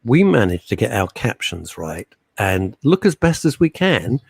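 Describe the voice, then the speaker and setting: Brash, animated man hosting radio. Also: lowish voice, measured pace, vocal fry, husky, no room sound. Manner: brash, teasing, animated and opinionated. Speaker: radio show co-host. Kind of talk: casual banter on a talk radio show.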